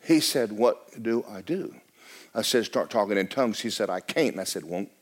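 A male pastor preaching a storytelling sermon, swinging from hushed asides to near-shouted declarations in a church sanctuary. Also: lowish voice, expressive, moderate pace.

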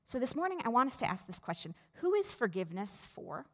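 A woman pastor preaching a sermon in a slow, measured way with deliberate pauses. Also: fairly high pitch, very animated, a bit bright. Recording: long reverb of a large hall.

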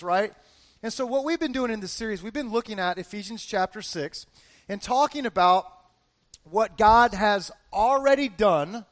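A middle-aged man preaching a sermon, telling a story with lively quotes and asking "right?" often. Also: very high voice. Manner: animated storytelling, acting out quotes, frequent "right?". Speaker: pastor.

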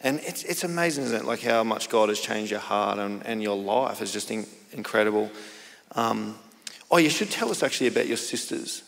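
A man's voice: lowish voice, expressive, normal speed, gravelly, big-room sound. A man, a pastor interviewing a guest, asking loose questions with restarts. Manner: warm prompting questions, trailing restarts. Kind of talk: casual interview.

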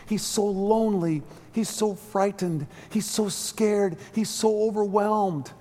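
A worried middle-aged mother, pleading and halting as she repeats herself, as a male preacher puts her on. Her voice sits raised above his own. A long reverb from a large hall trails each phrase. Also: high-pitched, steady tone, mellow, pitched above the performer's own voice. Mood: tearful longing.

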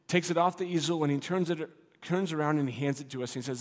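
A man's voice: a little high, quick pace, darkish tone. Earnest male preacher in a reverberant hall. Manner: earnest, repetitive preaching, swelling to emphatic. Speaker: pastor. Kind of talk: sermon.

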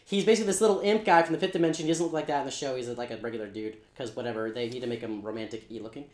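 A quick, rambling co-host excitedly retelling a comic storyline, full of swearing and filler asides. The voice sits at an ordinary pitch and races along. It sounds like it was recorded in an echoey room. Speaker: comic book channel co-host. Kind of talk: casual chat.

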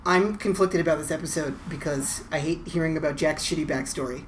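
A woman's voice: low-pitched, fairly quick, a little hiss or hum. A woman co-hosting a podcast, steadily narrating a TV plot with dry short comebacks. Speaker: podcast co-host. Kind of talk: casual chat recapping a TV episode.

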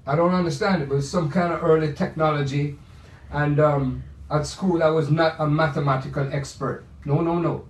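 Man, older, rambling storyteller, fairly high voice, roomy echo, distant mic. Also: fairly even intonation, moderate pace. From Jamaica. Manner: playful, rambling storyteller with repeated restarts. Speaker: pianist. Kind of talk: reminiscing monologue. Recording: echoey room, voice from far off.

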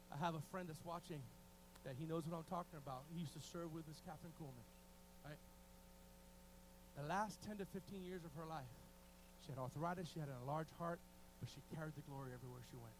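A male preacher delivering a passionate sermon, often restarting phrases and swinging from loud bursts to hushed tones. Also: on the high side, brisk, slight background noise, poor audio.

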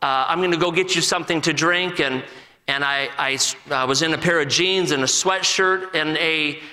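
A man in his forties gives an earnest testimony from the pulpit, his voice bright and forceful and a little high for a man. He halts and restarts often. A long reverb from the church hall hangs behind his words. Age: 40s. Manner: earnest, halting with many restarts. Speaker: assistant pastor. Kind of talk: personal testimony sermon.

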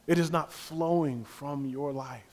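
Man, pastor, sermon, high-pitched, repetitive rhythmic phrasing, hushed to loud. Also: unhurried. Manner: swings from hushed near-whispers to loud impassioned exclamations; preaches in repeated rhythmic phrases.

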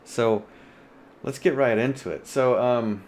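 A man's voice: mid-range voice, a little slow, darkish tone, slight background noise. Guy cohosting a chill podcast on a video call, rambly, lots of uhs and ums. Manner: rambling, with many fillers and restarts. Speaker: podcast co-host. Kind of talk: casual podcast chat.

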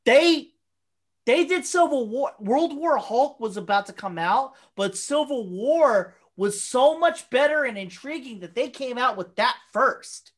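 A woman in casual conversation, talking excitedly with lots of filler words and swearing. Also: high voice, measured pace. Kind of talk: casual chat about a movie.

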